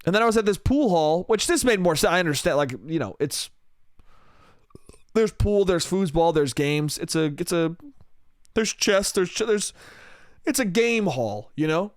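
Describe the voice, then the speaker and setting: A young man talks alone into a close mic, hosting his own podcast in a loose, rambling way. His voice sits a little high for a man and the sound is dry, with no room around it. He swears freely and laughs at his own jokes. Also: lively intonation, moderate pace, no room sound. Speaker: podcast host. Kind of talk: solo podcast monologue.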